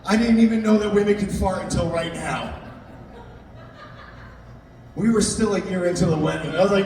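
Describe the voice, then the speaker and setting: On stage at a live comedy venue, a young Italian-American comic works the crowd and teases audience members, his high voice leaping up and shouting in animated quoted outbursts. He moves at a moderate pace with long pauses, recorded distantly in an echoey, booming hall with crowd noise.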